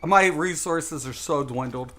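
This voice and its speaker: A man with a slightly high, somewhat bright voice talks a little slowly while streaming a game live. He chats casually with viewers in a rambling, emphatic way, repeating words and saying "dude" often, and he sounds a bit tipsy.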